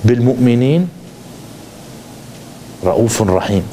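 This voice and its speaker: A man's voice: mid-range voice, lively intonation, slow pace, warm tone, slight background noise. A man giving a conversational lecture to a class, asking many rhetorical questions. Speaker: psychologist teaching a class.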